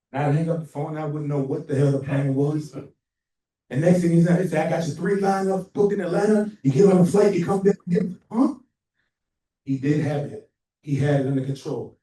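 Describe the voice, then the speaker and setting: A man giving a memorial tribute for a friend, telling lively stories and acting out their phone calls with laughter. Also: a little high, distant mic, a little hiss or hum. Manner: animated, acts out phone calls, laughs often. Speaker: memorial speaker, friend and co-author. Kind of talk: storytelling tribute speech. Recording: echoey hall heard from afar.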